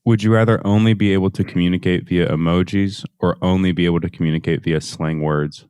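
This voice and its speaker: Male co-host, very low voice, brisk reading, dry close sound. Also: fairly even intonation, darkish tone, smooth, no echo. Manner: reads questions out quickly and plainly. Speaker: podcast co-host reading game questions. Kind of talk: casual comedic banter.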